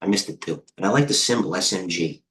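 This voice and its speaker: A middle-aged American man hosting a live trading stream, excitable and rambling, jumping between stocks with quick quips. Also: low voice, a little hiss or hum. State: out of breath. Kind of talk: live market commentary.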